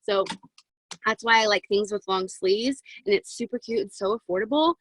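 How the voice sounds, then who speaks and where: A woman in her twenties giving a chatty, excitable motivational talk to a sales team over a video call from her closet, with plenty of "um" and "right?". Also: mid-range voice, moderate pace, no room sound, low-quality recording. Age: 20s. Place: home walk-in closet.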